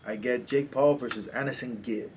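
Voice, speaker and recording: A man, a coach, casually telling stories as a podcast guest, animated and slangy. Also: medium pitch, normal speed, slight background noise. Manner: animated, slangy, acts out quotes. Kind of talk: casual storytelling in a podcast interview.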